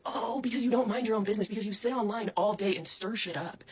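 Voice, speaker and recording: A woman's voice: mid-range voice, fast talker, a little hiss or hum. A young adult woman delivering an angry, profane, accusatory rant straight to camera. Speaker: online personality.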